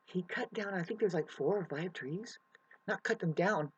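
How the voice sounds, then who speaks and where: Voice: medium pitch, moderate pace, slightly rough, dry recording, lo-fi sound. A vlogger ranting emotionally to camera outdoors in the mountains, swearing and rambling. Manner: emotional, profane, restless.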